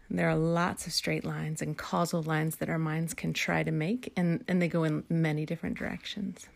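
A woman with a lowish voice and a gravelly, fry-tinged edge gives a reflective devotional talk. She speaks softly and thoughtfully, pausing on fillers and correcting herself, and often sinks to a near-whisper. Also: little pitch movement. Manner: reflective, soft-spoken, with hesitant fillers and self-corrections; drops to near-whispers at times.

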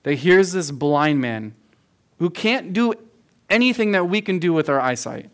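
A man's voice: high voice, lively intonation, a little slow. A man preaching a verse-by-verse sermon as a youth pastor, earnest and emphatic, repeating phrases for stress and calling his listeners "guys". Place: room with a youth audience.

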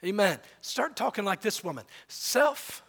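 A male preacher with a very high voice delivers a slow, dramatic sermon. He swings between loud proclamation and near-hushed asides. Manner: dramatic storytelling, rising and falling in volume.

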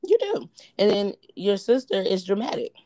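A woman's voice: mid-range voice, sing-song, moderate pace, warm tone. A woman in a casual family chat, teasing the others with short reactions.

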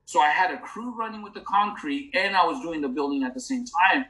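A man's voice: on the high side, expressive, fairly quick, bright, forceful tone, reverberant, low-quality recording. A middle-aged man in casual podcast chat, telling a long rambling story with frequent restarts and laughs. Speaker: podcast co-host.

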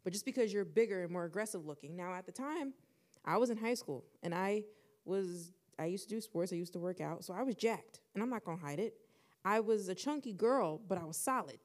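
A young woman co-hosting a podcast, telling a personal story in casual chat and acting out the dialogue with lively shifts. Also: medium pitch, a little fast. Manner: animated, acts out quoted dialogue. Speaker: podcast co-host.

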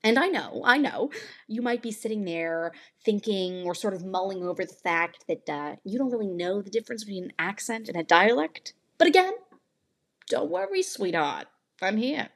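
A woman's voice: mid-range voice, moderate pace, a bit bright. A woman in her late teens hosting a podcast, delivering a scripted monologue with playful, teasing asides. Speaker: podcast host.

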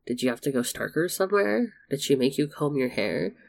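A man voicing a reckless, playful young wizard who speaks loudly and insistently. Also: fairly high pitch, big pitch swings, fairly quick, vocal fry, slight background noise. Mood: teasing.

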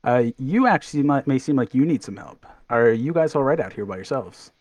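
A man's voice: medium pitch, expressive, brisk, a little mellow, dry recording, close to an everyday voice. A man role-playing a proud wandering survivalist in a formal, earnest manner, in a tabletop game. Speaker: player. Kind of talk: in-character tabletop role-play.

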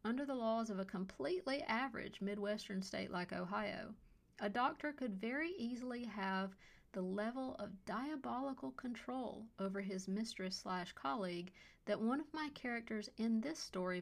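A woman hosting a fiction podcast, introducing and reading a short story in a measured, dry way that often drops to a hush. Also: fairly high pitch, creaky. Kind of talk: scripted story narration.

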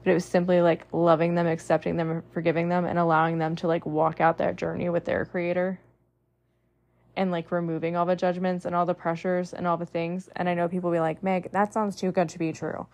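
Earnest low-voiced woman with gravelly fry. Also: completely flat delivery, fairly quick, a little mellow. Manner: earnest, repetitive lists, frequent "like" fillers. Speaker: podcast host. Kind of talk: heartfelt motivational monologue.

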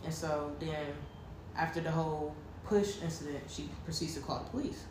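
A woman's voice: sits low, moderate pace. A young adult woman telling a personal story in casual podcast chat. She rambles and fills her talk with "like". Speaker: podcast co-host. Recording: very echoey room with steady background noise.

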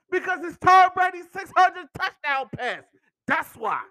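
A man hosting a podcast with a strikingly high voice that swings up and down in lively leaps. He rants about sports in an excitable way, cursing and laughing as he talks. The sound is dry and close. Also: a little slow, no echo. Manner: excitable, swearing, laughing while talking. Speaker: podcast host. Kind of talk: animated sports rant.

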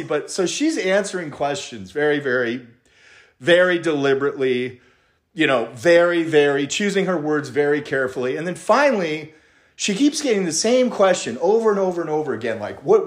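A man's voice: on the high side, brisk. A man telling a story in a casual monologue, swearing freely and slipping into mock quotes. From United States. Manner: profane, animated ranting with mock quotes.

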